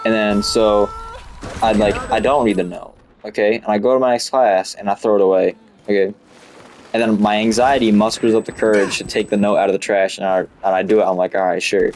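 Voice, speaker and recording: While gaming, a young man in his late teens casually rambles through crude school anecdotes, leaning on fillers such as "you know" and "like." He talks fairly quickly in a low, slightly mellow voice with fairly even intonation, over slight background noise.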